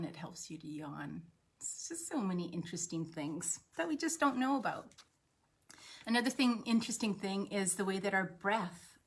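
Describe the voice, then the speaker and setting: A woman who is a holistic health coach, giving a gentle, chatty live talk on breathing, with frequent ums and restarts. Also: mid-range voice. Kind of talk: daily live wellness talk. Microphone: webcam on a live stream.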